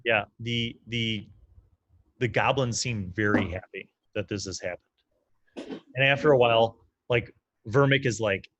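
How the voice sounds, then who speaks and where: A man's voice: lowish voice, measured pace, pauses often, fairly bright tone, dry recording, muffled recording. A man narrating as game master in a casual, loose way, with lots of fillers.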